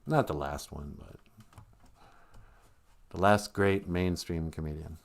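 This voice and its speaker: A man's voice: sits low, slow. A man hosting a live stream, telling a wandering comedic monologue and laughing at his own jokes.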